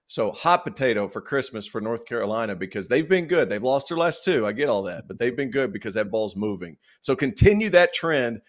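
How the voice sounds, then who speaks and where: A man with a Southern US accent co-hosting a casual sports podcast, playful and rambling. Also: on the low side. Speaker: podcast co-host.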